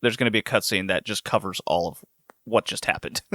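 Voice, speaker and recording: A man's voice: on the low side, very animated, fairly quick, fairly bright tone, no echo, clean studio sound. A male podcast host chatting casually and animatedly about video games, laughing often. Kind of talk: casual chat.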